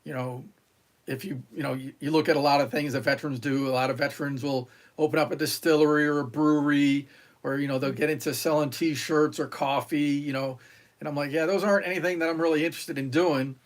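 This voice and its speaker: As a podcast guest, a retired Marine from New York, middle-aged, spins long, rambling stories packed with fillers and restarts, performing the lines of the people involved. His voice runs a little high for a man, and he keeps a steady tone at a slightly fast clip in this casual interview storytelling.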